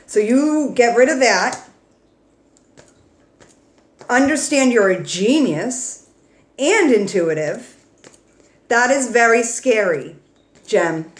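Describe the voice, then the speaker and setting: Tarot reader, female, frank pep-talk delivery with a few swear words, heartfelt, middle pitch, roomy echo. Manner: emotional, warm and affectionate toward viewers. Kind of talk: casual tarot reading to camera.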